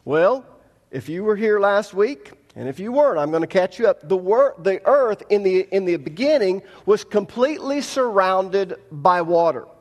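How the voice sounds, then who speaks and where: A man's voice: high voice, lively intonation, normal speed, darkish tone, long reverb tail. A man teaching a Bible lesson to a congregation, explaining each point plainly and step by step. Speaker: pastor.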